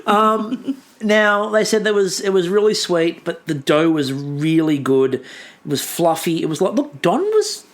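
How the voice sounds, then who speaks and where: A man's voice: high-pitched, lively intonation, measured pace. A man co-hosting a podcast, recapping an episode in a rambling, chatty way. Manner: rambling, chatty, many fillers and restarts. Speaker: podcast co-host.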